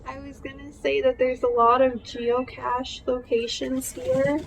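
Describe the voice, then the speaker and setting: High-voiced woman, upset and near tears. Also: little pitch movement, noisy background. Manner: halting, broken-off sentences. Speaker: vlogger. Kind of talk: casual vlog narration. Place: outdoors on a lake in a kayak.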